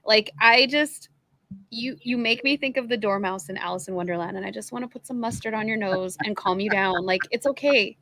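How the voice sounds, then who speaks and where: A woman co-hosting a casual baseball podcast, talking in an even-keeled, chatty way. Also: mid-range voice, brisk. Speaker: podcast co-host. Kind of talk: casual sports chat.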